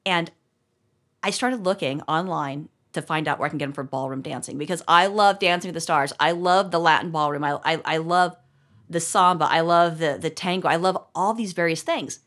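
A woman's voice: low voice, moderate pace, fairly bright tone. A woman co-hosting a podcast, telling rambling, profane stories in casual chat with frequent restarts. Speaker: podcast co-host.

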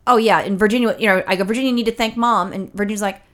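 A woman tells a rambling story in casual conversation. She swears freely and acts out what other people said. Her pitch sits in the middle for a woman. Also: very fast, few pauses. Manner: animated, profane storytelling with acted-out quotes. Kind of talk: casual chat.

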